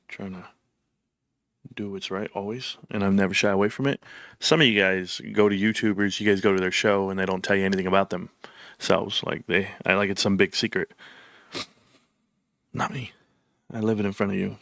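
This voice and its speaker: A man's voice: fairly low pitch, vocal fry, fairly bright tone, no room sound, studio quality. A middle-aged man hosting a casual stock livestream, rambling and personal with lots of fillers. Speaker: stock show host.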